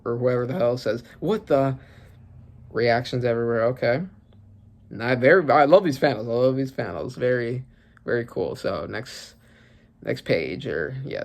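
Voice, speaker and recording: Brief: male reaction host, mid-pitched, casual and excitable, rambles with fillers, bursts into loud cursing exclamations. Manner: excitable, exclaiming, swears freely. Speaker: manga reaction channel host.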